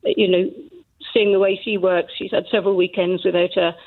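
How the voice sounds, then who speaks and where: A woman's voice: lowish voice, little pitch movement, normal speed. A middle-aged woman calling in to a radio phone-in, speaking tentatively and hesitantly over a tinny phone line. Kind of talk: casual phone-in chat.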